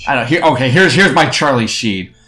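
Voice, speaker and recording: A man's voice: medium pitch, lively intonation, a little fast, pushed and bright, low-quality recording. A man hosting a let's play, chatting casually while gaming, giggling and clowning around between silly impressions. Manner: goofy, giggly, keeps trying silly impressions. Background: faint game music.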